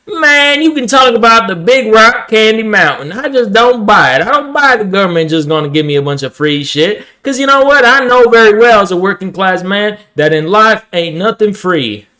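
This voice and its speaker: A man voicing a stubborn, drawling rural working-class man who talks slowly and dismissively. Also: high voice, expressive, pushed and bright. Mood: scoffing, stubborn. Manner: folksy dismissive drawl, slow.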